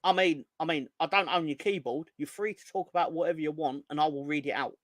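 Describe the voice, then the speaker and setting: A fast-talking young man with a fairly high voice hosts a fan live stream, recorded dry at studio quality. He reads out chat hellos while ranting, exasperated and sweary, with angry outbursts building up.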